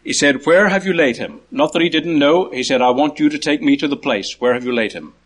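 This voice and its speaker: A man delivering a sermon, moving through his points one by one. He lifts his voice sharply when calling out quoted words, then sinks low and soft for his asides. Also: brisk. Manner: rises in pitch to call out quoted words, drops low for asides. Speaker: preacher.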